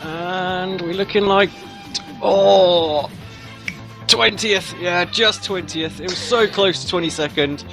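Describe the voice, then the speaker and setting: A man's voice: sits high, slow, a bit bright, faint music behind. Enthusiastic man commentating sim racing. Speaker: race commentator.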